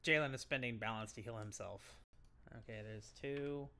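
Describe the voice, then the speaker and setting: A man playing a tabletop game who mutters quietly to himself while counting. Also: mid-range voice, moderate pace, noisy background. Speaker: player. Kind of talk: casual tabletop game chat.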